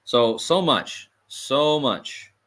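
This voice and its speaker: Male livestream host, bright edgy tone, emphatic and repetitive, chuckling asides. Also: mid-range voice, expressive, extremely slow. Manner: conspiratorial, emphatic, repeats points, chuckles. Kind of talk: livestream commentary.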